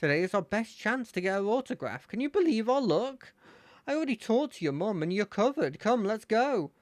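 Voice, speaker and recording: A streamer voicing an eager, excitable young male rival trainer from a fangame, speaking high and bubbly. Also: brisk, dry recording, studio quality, lightly acted. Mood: cheerful. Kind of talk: reading game dialogue aloud.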